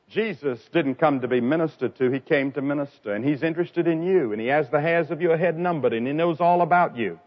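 A man preaching an evangelistic sermon, telling stories dramatically and swinging from loud cries to quiet lines. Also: lively intonation, a little fast. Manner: dramatic storytelling with sharp swings in pitch and loudness. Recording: dull lo-fi recording.

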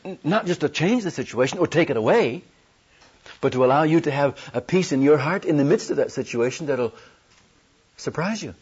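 A man preaching a sermon as a traveling evangelist, telling animated stories with folksy humor. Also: fairly high pitch, fairly quick, husky. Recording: dull lo-fi recording.

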